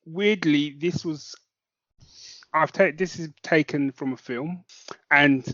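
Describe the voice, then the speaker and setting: A man's voice: fairly high pitch, no echo, dull audio. A man co-hosting a casual podcast chat, dry-humoured and a little rambling. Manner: dry, laid-back, rambling. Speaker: co-host.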